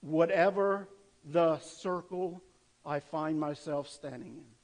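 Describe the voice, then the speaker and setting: A man's voice: on the high side, slow pace, poor audio. A man preaching a sermon in an earnest, conversational way, asking rhetorical questions of his listeners. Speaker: pastor.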